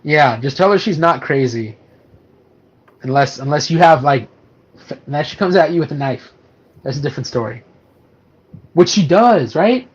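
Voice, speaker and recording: A man's voice: a little high, lively intonation, normal speed, pauses often, highs cut off. A man co-hosting a casual movie review podcast, animatedly retelling scenes with acted-out quotes and lots of fillers. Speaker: podcast co-host.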